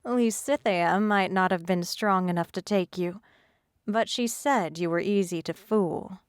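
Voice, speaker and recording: Woman narrator doing a slow, purring killer mermaid with a rolling accent; smooth and dry. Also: on the low side, no echo, close to an everyday voice. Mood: menacing. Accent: rolling foreign-sounding lilt. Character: sinister predatory adult mermaid woman.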